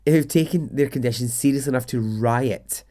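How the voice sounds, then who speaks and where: A podcast host with a mellow, mid-range voice tells a true story at a normal pace. He keeps it chatty and casual, drops the odd swear word, and laughs at the absurd details.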